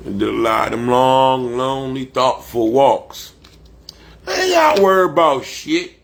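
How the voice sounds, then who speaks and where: A man's voice: medium pitch, big pitch swings, unhurried. A man, rambling profanely and boastfully on a casual livestream. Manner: loose, profane, boastful street talk.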